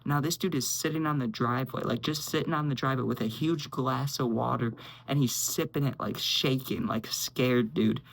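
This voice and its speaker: A man's voice: mid-range voice, steady tone, normal speed, gravelly, low-quality recording. Rambling young man telling a storytime. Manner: rambling, says "dude" constantly, acts out quotes. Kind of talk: casual storytime.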